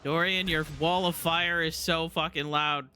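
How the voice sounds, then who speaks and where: A man's voice: on the high side, steady tone, measured pace, sharp tone, slight background noise. An American man streaming a video game, chatting casually, laughing often and exclaiming a lot. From United States. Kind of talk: casual gameplay commentary.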